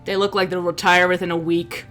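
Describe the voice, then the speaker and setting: A woman's voice: on the low side, flat delivery, a little fast, a bit bright, soft background music, natural voice. Woman voicing a grumpy human fighter woman, curt, dismissive, distrustful.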